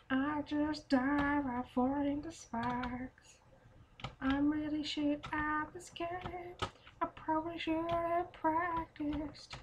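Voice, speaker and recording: A woman with a high, hoarse voice narrates her game at a slow, easy pace, swearing and humming between attempts. Faint keyboard clicks sit behind her. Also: darkish tone, a little hiss or hum. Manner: chatty, swears often, sings and mutters to herself. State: losing her voice. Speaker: gamer. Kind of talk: casual let's play commentary.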